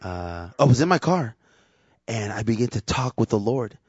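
Husky and mid-range, this preacher and worship leader's voice keeps a moderate pace as he preaches candidly in a conversational style. He acts out quotes in lively voices, and the lo-fi recording is dull and dry, with no room sound.

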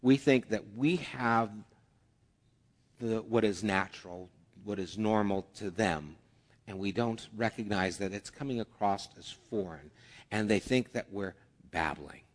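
A man's voice: on the low side, a little slow. A man preaching a conversational sermon as a pastor, with acted asides. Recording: long hall reverb.

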